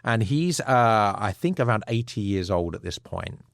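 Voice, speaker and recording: Low-voiced English man, dry close sound. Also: expressive, normal speed, creaky, no echo. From England. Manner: earnest storytelling, occasional chuckle. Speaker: author guest. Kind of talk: casual interview chat.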